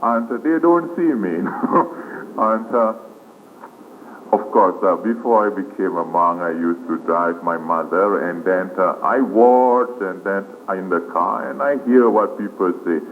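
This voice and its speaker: Man, buddhist monk, slow dharma talk, "hmm?" tags, tinny phone-like tape, faint hiss. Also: low voice. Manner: slow, with frequent "hmm?" and "huh?" tag questions.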